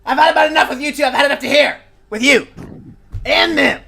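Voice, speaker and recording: A man voicing a cranky old male gnome who yells and complains indignantly. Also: very high-pitched, quick pace, vocal fry, pitched above the performer's own voice, full character voice. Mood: cranky yelling. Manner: yelling, grumbling, indignant.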